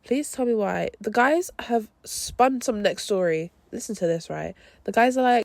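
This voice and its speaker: Young girl ranting about a film on her podcast, sweary and lively, dry close mic. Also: mid-range voice, normal speed, vocal fry, dry recording. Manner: animated, swearing, slangy storytelling. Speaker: podcast host. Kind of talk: casual film review monologue.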